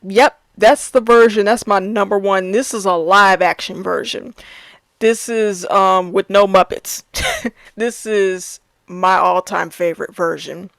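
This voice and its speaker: Slow chatty woman in her 30s, laughs a lot, dry close sound. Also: mid-range voice, fairly even intonation, creaky, a bit bright, no room sound. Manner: chatty, laughs often, many restarts. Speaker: movie reviewer. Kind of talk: casual movie review chat.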